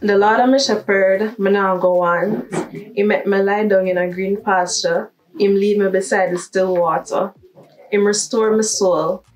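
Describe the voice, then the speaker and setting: Young Jamaican woman, casual vlogger, mid pitch, slightly off-mic. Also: fairly even intonation, unhurried, recorded from a distance, soft background music, rough recording. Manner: chatty and upbeat, switching into patois. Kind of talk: casual accent-tag vlog.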